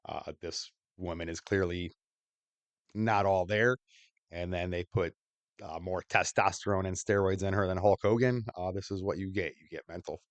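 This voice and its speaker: A male podcast host with a very deep voice gives blunt, crude, opinionated commentary in a casual tone. The recording is dry and close, with no room echo. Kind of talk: casual commentary over clips.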